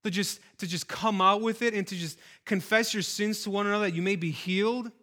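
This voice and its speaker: A pastor delivers a sermon in a high, bright voice. He talks earnestly and conversationally, then builds into forceful, repeated calls to his congregation. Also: steady tone, fairly quick.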